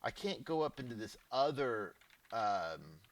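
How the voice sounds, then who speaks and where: A man's voice: medium pitch, sing-song, measured pace. A man giving a casual screen-recorded programming lesson, thinking aloud with informal asides and restarts. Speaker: programming teacher. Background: keyboard typing and clicks.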